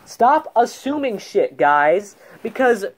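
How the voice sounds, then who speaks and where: A man's voice: high voice, sing-song, slow. A young man in his late teens ranting emotionally in a confessional vlog, upset, rambling and swearing, with many restarts. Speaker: vlogger.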